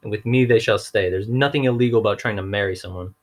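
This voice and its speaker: A man's voice: on the low side, fast, natural voice. A man reading the lines of a grim, scheming male villain in a storybook, with an insistent, menacing manner.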